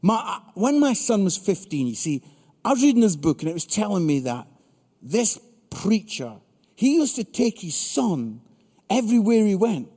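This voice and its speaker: A middle-aged man preaches to a crowd in a big hall, mixing jokes and stories into his sermon. His voice sits high and swings widely in pitch, and the room's long reverb trails after each line. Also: normal speed. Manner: animated, punchy, acts out voices in stories. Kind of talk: humorous sermon storytelling. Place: large hall with live audience.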